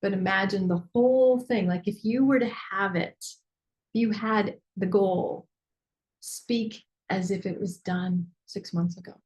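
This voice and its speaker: A woman business mentor teaching in a coaching session, animated and chatty, with many fillers and asides. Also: mid-range voice, slow pace.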